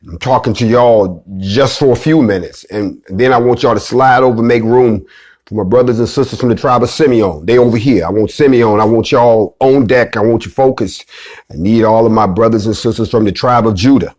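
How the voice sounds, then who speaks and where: A man hosting an online class, preaching with fire, repeating his call-outs and swinging from loud high bursts to low hushed drops. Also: a little fast. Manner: emphatic, repetitive, rallying the listeners with call-outs. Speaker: host and teacher of an online class series. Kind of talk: fiery preaching lecture.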